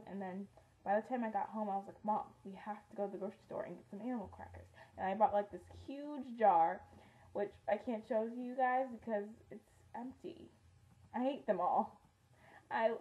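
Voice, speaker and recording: Chatty teen girl, tinny sound. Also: medium pitch. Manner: chatty, rambling with many ums and likes. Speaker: beauty vlogger. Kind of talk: casual monthly favorites vlog.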